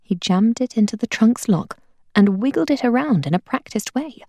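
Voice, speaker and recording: Woman reading a kids adventure book out loud, animated, dry close sound. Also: a little high, normal speed, no room sound. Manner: expressive storytelling. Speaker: narrator. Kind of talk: audiobook reading.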